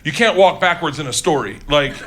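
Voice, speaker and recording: A man's voice: on the high side, lively intonation, brisk, a bit bright. Rowdy, profane stand-up comedian man. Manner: rowdy, profane, laughing through lines. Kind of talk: stand-up storytelling. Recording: noisy live stand-up recording.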